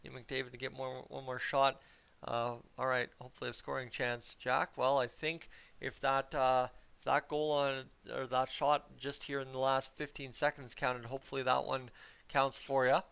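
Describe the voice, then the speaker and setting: Brief: young Canadian man, nasal and bright, fan play-by-play streamer, flat delivery. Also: medium pitch, normal speed, vocal fry, clean tone. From Cold Lake, Alberta, Canada. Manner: rambling, chatty, gets loud on shots. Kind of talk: live fan play-by-play with chat banter.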